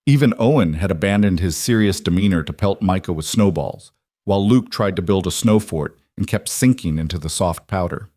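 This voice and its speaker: A man calmly narrating a romance story in an even storytelling manner. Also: sits low, fairly quick, no echo, studio quality. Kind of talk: scripted narration.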